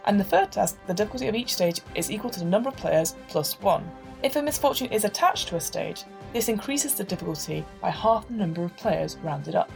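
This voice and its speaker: A woman narrates a tabletop game session in an even, measured manner. Her voice sits at a middle pitch, and she lays out each rule clearly and step by step. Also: faint music behind. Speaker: game master.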